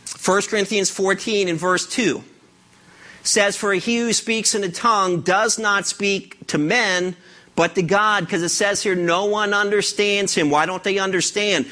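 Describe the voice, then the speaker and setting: A man preaching a sermon as pastor, lively and conversational, acting out what imagined listeners would say. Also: high voice, a little slow. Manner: animated, acts out imagined listeners.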